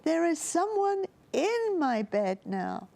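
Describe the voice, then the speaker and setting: A woman voicing a small, tearful boy bear in a children's storybook reading, with a squeaky, whiny voice. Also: animated, takes it slowly, dark tone, heavily acted. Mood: excited.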